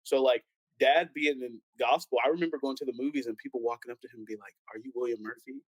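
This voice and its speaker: A man's voice: mid-range voice, fast, heavy background noise. A young man and pastor's son telling stories in a casual panel chat, acting out the people he quotes. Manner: animated storyteller, acts out quoted voices.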